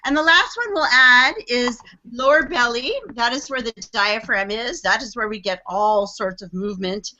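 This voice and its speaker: A woman's voice: fairly high pitch, moderate pace, hardly any pauses, bright, forceful tone. A woman leading a laughter exercise, playful and talking in a joking put-on accent. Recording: dull lo-fi audio.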